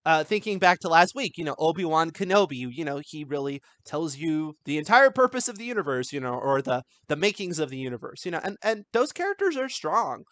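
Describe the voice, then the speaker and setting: A man's voice: on the high side, sing-song, fairly quick, hardly any pauses, fairly bright tone, no room sound. Chatty male writing teacher, dry sound. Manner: conversational, many fillers and restarts; reads film quotes aloud. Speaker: writing instructor. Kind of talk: script analysis lesson.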